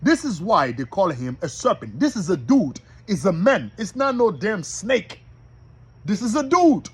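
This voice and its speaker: A man teaching from the Bible like a preacher, reading verses slowly and asking the listeners if they are following him. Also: high voice, big pitch swings, slightly rough. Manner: reads verses slowly and repeats them. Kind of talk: street-style bible teaching.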